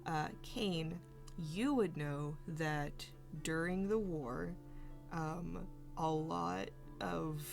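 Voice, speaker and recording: A woman narrating as game master in a tabletop game, relaxed and full of fillers. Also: low-pitched, creaky. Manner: relaxed, filler-heavy narration, laughs often.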